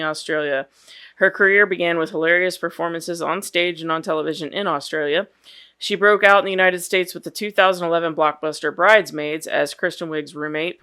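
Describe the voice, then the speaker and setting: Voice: mid-range voice, a bit bright, clear, resonant tone. A co-host on a casual movie podcast, teasing and dry, reading a short bio aloud.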